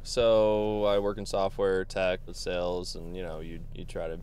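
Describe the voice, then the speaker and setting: A man's voice: deep voice, measured pace, a little hiss or hum. A man from Massachusetts, a podcast guest telling casual stories and laughing often. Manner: laughs often, quotes people in animated asides. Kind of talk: casual storytelling.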